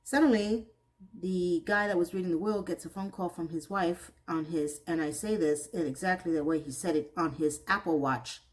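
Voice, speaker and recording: A woman's voice: fairly low pitch, moderate pace, low-quality recording. A woman giving a casual recap of a TV episode, breaking off into exasperated, sarcastic asides. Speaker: TV recap reviewer.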